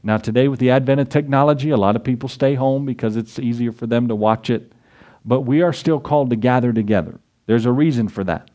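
A man preaching a sermon as pastor, folksy and animated, reading scripture and acting out voices with chuckles. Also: medium pitch.

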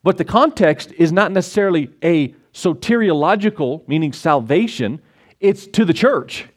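A middle-aged man pastor in a church sanctuary, voice sitting a little high for a man. He tells a folksy joke, chuckles at it and coaxes his congregation to laugh. Then he reads scripture aloud in the same easy sermon delivery. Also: animated, moderate pace.

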